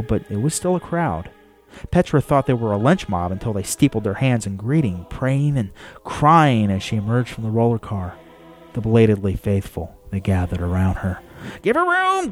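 A man reading a novel aloud in a steady storytelling manner. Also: fairly low pitch. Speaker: audiobook narrator. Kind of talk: scripted narration.

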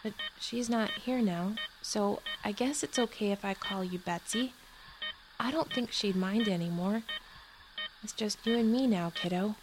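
A woman's voice: medium pitch, a little slow, background noise, natural voice. A woman reading the lines of an awkward, uncertain young father in a hesitant way.

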